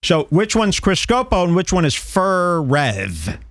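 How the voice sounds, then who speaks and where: A man's voice: sits high, big pitch swings, measured pace, a bit bright, dry recording, clean studio sound. A man hosting a podcast in casual chat, swearing and acting mock-exasperated while reacting to clips. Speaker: podcast host.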